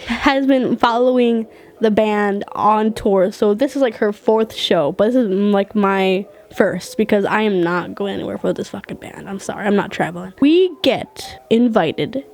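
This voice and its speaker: A young woman vlogger telling a story in casual, animated talk, swearing, laughing and acting out what others said. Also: medium pitch.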